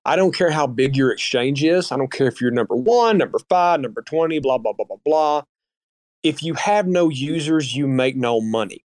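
A man's voice: mid-range voice, animated, normal speed, darkish tone. Fired-up man ranting on a voice chat. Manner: fired-up, emphatic, repetitive. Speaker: guest speaker. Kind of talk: heated casual rant. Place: online audio chat room.

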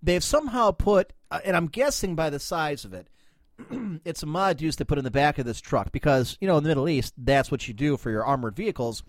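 A man hosting a casual comedy news podcast, his voice a bit high and swinging widely in pitch as he rambles and jokes. He reads news stories aloud between asides. The sound is dry and close with no room echo. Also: animated, brisk. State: coughing, lungs bothering him. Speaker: podcast host.

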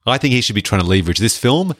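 A man's voice: medium pitch, racing, dry recording, clean studio sound. A man co-hosting a podcast, chatting casually and jokily about films. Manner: chatty, animated, jokey. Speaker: podcast co-host. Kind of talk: casual film review chat.

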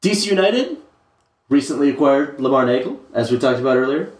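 A man co-hosting a sports podcast in easygoing, rambling chat, full of hesitant fillers. His voice sits at an everyday middle pitch. The recording has a noticeable roomy echo. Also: animated, fairly quick. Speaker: podcast co-host.

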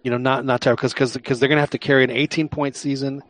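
A man co-hosting a soccer podcast, talking through the numbers in a halting way, repeating words. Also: medium pitch, flat delivery. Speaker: podcast co-host. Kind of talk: casual sports chat.

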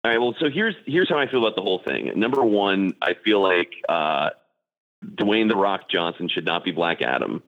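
A man's voice: deep voice, big pitch swings, normal speed. A man calling in to a podcast, chatting casually and rambling with lots of fillers. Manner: rambling, filler-heavy, enthusiastic. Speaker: caller. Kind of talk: casual phone-in chat. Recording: muffled phone-in line.

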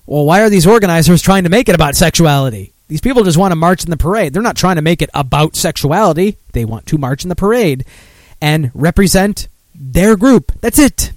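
A man's voice: a little high, expressive, brisk, no room sound. A man hosting a podcast, ranting casually with lots of fillers and self-corrections. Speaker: podcast host.

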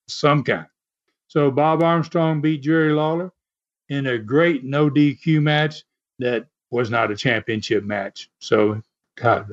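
An older man hosting a podcast, telling stories in a rambling way with many fillers and restarts. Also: mid-range voice. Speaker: podcast host and former wrestling promoter. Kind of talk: casual storytelling. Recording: dull lo-fi audio.

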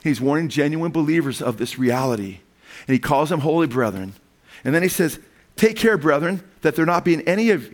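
A man preaching a sermon who reads scripture aloud, asks the congregation "amen?" and "what?" in call-and-response, and breaks into animated asides. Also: a little high. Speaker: pastor.

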